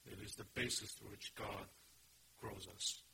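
A man's voice: lowish voice, fairly even intonation, unhurried, vocal fry, background noise. A man preaching a sermon, teaching earnestly and emphatically and asking his listeners questions. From Korea. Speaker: pastor. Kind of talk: expository sermon.

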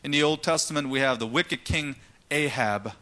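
A man's voice: medium pitch, normal speed, bright, forceful tone. A man preaching a sermon, asking rhetorical questions and retelling scripture stories dramatically. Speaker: pastor.

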